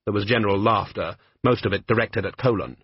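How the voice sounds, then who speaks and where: Husky male audiobook narrator, dull dry sound. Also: fairly quick, dry recording. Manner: shifts pitch up for characters. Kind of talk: scripted narration with character voices.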